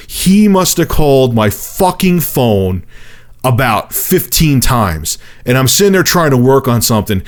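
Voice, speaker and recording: A man in his thirties telling a personal story to camera as a vlogger, in a profane, animated way. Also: mid-range voice, moderate pace.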